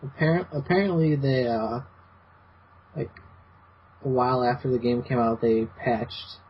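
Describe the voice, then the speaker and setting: A man's voice: mid-range voice, steady tone. Rambling man on a lo-fi podcast. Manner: rambling, halting, many restarts. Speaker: podcast host. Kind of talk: casual gaming podcast chat. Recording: dull lo-fi podcast audio with faint hiss.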